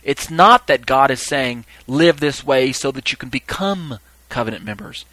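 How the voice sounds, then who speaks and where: A man's voice: medium pitch, lively intonation, normal speed, bright, forceful tone, no echo, rough recording. A man giving a podcast Bible teaching who reads scripture and his commentary aloud. He searches his notes with fillers and grows emphatic as he explains.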